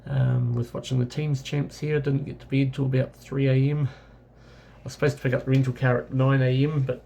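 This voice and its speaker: A New Zealand man with a mid-range, creaky, warm voice tells a casual travel story like a travel vlogger, rambling and correcting himself, full of fillers. His delivery is flat and his pace moderate. A little hiss or hum sits under the recording.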